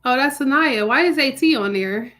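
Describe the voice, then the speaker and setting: A woman's voice: high voice, expressive, normal speed, pushed and bright. Chatty woman greeting livestream viewers. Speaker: livestream host.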